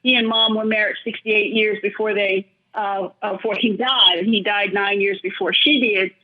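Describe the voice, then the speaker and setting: A woman's voice: medium pitch, fairly even intonation, normal speed. An older woman, a guest in an interview, reflecting earnestly and with feeling as she tells personal stories. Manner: thoughtful, earnest, speaks with feeling. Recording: dull lo-fi recording.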